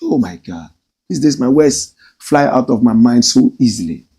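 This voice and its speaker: A middle-aged man with a Ghanaian English accent, hosting a lively commentary show and stretching out words for emphasis. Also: mid-range voice, normal speed, creaky, breathy edge. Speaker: show host.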